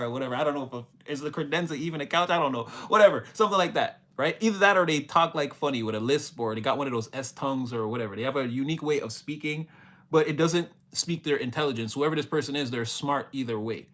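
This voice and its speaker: A man does a casual, rambling tarot reading, filling it with fillers, laughter, and playful quoted voices. His pitch is medium, he talks quickly, and his tone is fairly bright.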